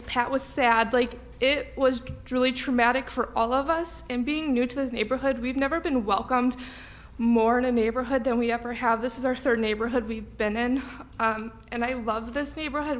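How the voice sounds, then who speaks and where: Emotional young woman near tears. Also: on the high side. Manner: emotional, halting, many ums. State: close to tears. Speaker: resident speaking at public comment. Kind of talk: public comment at a village meeting.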